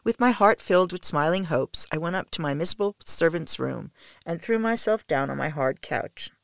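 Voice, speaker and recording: An audiobook narrator reading a first-person novel in a measured, expressive way, dropping low at the ends of sentences. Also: gravelly, no room sound.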